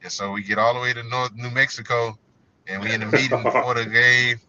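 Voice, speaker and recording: A man's voice: mid-range voice, flat delivery, a little fast, sharp tone. A man, a former college running back, tells his story in an interview in a conversational way, often saying "you know". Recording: dull lo-fi audio with faint noise.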